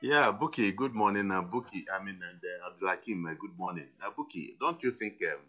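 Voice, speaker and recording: A very deep-voiced man from Nigeria joins a news show as a guest, hesitant and full of fillers but swinging widely in pitch. The sound is slightly dull. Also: lively intonation, fairly quick. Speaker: guest commentator.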